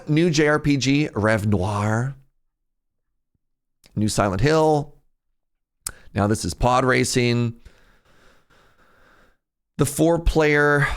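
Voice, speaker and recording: A young man chatting casually on a live stream, rambling and jumping in pitch when something excites him. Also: slow, pauses often, smooth. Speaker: streamer reacting to a game showcase.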